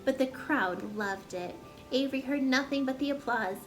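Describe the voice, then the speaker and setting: A woman storyteller reading a children's chapter book aloud with gentle, expressive narration. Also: sits high, normal speed, soft background music.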